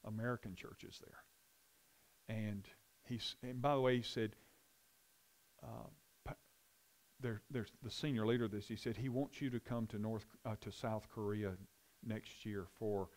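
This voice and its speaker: A man's voice: on the low side, darkish tone. A middle-aged man, a pastor, teaching a Bible study and telling a rambling story full of restarts.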